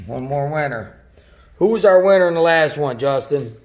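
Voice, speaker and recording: A man's voice: fairly high pitch, animated, normal speed, darkish tone. A man playfully hosting and announcing toy car races at home for his son, like a goofy announcer. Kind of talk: playful home video commentary.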